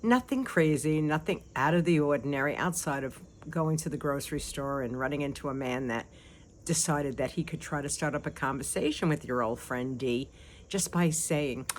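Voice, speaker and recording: An older woman, a grandmother, chatting casually and lively to her vlog viewers, laughing often, on a phone held at arm's length. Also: sits low, normal speed, a little hiss or hum. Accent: non-local accent. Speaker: vlogger.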